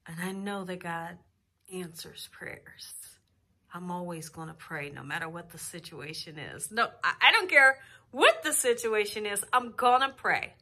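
Woman, slow drawn-out speech, very bright voice, heartfelt casual vlog. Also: lowish voice, lively intonation. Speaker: cooking channel host. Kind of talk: casual personal vlog talk. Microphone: camera very close to her face.

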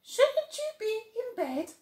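A woman voicing a kindly female bush baby in a storybook, gentle and coaxing. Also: very high voice, very animated, takes it slowly, pitched above the performer's own voice, full character voice. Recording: echoey room.

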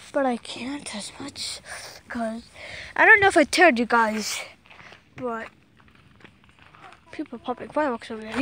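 A young woman chatting casually and apologetically as she films outdoors at night, giggling often. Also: sits high. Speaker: vlogger. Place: outdoors at night among farm animals. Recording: noisy outdoor phone recording.

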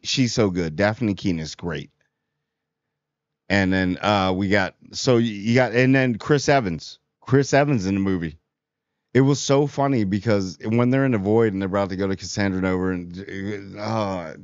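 A man's voice: fairly low pitch, no room sound. A man giving a casual, rambling movie review in a chatty, amused way. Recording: dry, slightly dull audio.

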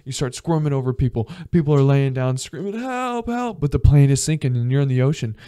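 Mellow-voiced man telling stories on a podcast. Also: mid-range voice, steady tone, fast talker, smooth, dry recording, studio quality. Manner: profane, rambling, acts out voices in his stories. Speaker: podcast guest. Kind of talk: casual storytelling.

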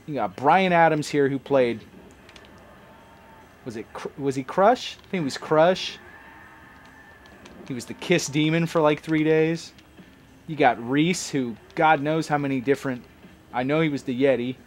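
A man's voice: a little high, measured pace, pauses often, a little hiss or hum. A man giving casual, rambling commentary as he plays a game, chatting like a longtime fan. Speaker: let's play host.

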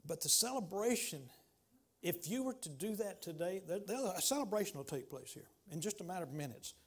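A man, preaching a sermon as pastor in a church, swinging from loud exclamations to hushed pleading. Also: high-pitched, expressive, a little fast, husky. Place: church sanctuary.

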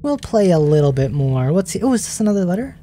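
A young woman giving let's play commentary as a gaming streamer, excitable, gasping and getting emotional as she plays. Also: on the low side, fast talker. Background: faint game music.

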